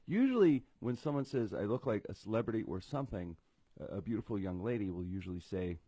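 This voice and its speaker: A man's voice: fairly low pitch, lively intonation, quick pace, dark tone, slightly rough, dry recording. A middle-aged man hosting a casual comedy talk show from a home studio, rambling and joking at his own expense with many restarts. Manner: rambling, self-deprecating jokes with frequent restarts. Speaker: radio comedy show host.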